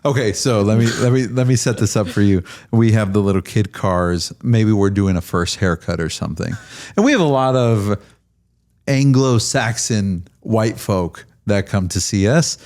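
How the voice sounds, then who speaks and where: A man's voice: fairly low pitch, normal speed, a little mellow. A man with a Midwestern American accent hosting a podcast, telling stories in an irreverent, joking way. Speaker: podcast host. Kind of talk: casual podcast conversation.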